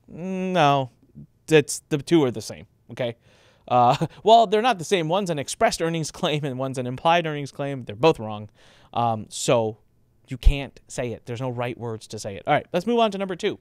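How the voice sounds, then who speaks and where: A man's voice: lively intonation, normal speed, smooth, dry recording, studio quality. A man hosting a channel, explaining marketing rules in a casual talk to camera, emphatic and acting out quoted speakers. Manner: emphatic, acts out quoted speakers with raised pitch. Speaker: host explaining marketing compliance.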